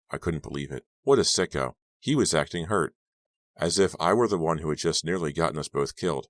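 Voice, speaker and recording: A man's voice: rumbling low, lively intonation, fairly quick, no room sound. A man reading an audiobook aloud as tense first-person storytelling. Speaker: audiobook narrator. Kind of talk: scripted audiobook narration.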